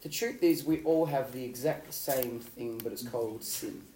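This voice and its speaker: Animated man preaching in a roomy hall. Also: medium pitch, normal speed, distant mic, a little hiss or hum. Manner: animated storytelling, swinging from loud to hushed. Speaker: youth pastor. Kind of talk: sermon. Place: youth hall.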